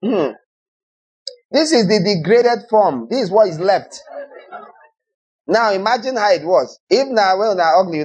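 Male preacher, sermon delivery; husky tone, mocking and rhetorical, dynamic. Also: high voice. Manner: rhetorical, mocking, swings from loud to soft.

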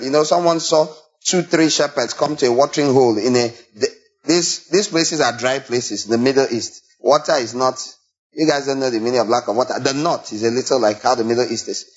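Preacher guy, lively, asks the crowd lots of questions, muffled lo-fi recording. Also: mid-range voice. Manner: animated, rhetorical questions, acts out bleating and shepherd calls. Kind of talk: sermon. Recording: dull lo-fi recording.

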